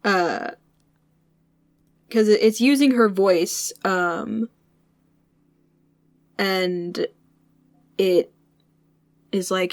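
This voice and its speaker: A woman co-hosting a laid-back book podcast, retelling scenes as quick back-and-forth dialogue. Her tone is wry and she laughs easily. The recording is dry and close, with a voice of middle pitch. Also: no echo. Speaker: podcast co-host. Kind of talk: casual book discussion.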